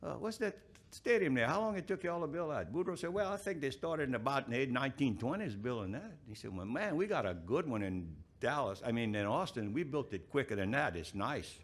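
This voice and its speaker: A man serving as the event's emcee tells a joke in a rambling, halting way, chuckling at his own lines. His voice is medium-pitched and sing-song.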